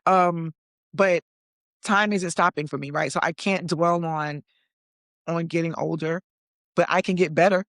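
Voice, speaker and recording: A woman's voice: fairly low pitch, steady tone, a little slow, pauses often, dry recording, clean studio sound. A woman in her forties hosting a talk show, chatting with sass and calling her listeners "honey". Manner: sassy, chatty, says "honey" and "okay". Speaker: podcast host. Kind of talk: casual opinion commentary.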